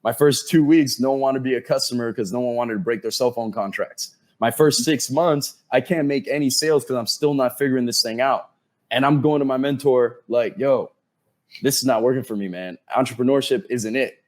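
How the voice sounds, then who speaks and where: A man's voice: mid-range voice, a little fast. A man in a podcast conversation tells his own story with drive. His voice sits in an ordinary middle range. He slips into the voices of the people in his story as he goes. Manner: animated storyteller who acts out quoted dialogue. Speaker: podcast guest.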